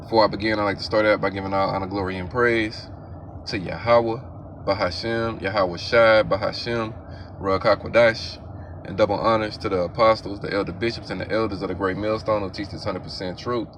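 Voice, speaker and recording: A man with a very deep, level voice delivers a formal religious address. He speaks in a steady monotone and recites his ceremonial greetings carefully. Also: a little fast, slight background noise.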